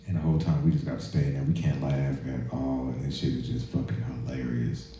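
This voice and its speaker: Very deep, dark-voiced man telling stories. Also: little pitch movement, a little fast. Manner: profane, laid-back, drifts into quiet asides. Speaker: podcast host, army veteran. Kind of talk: casual storytelling. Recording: echoey room, muffled lo-fi sound.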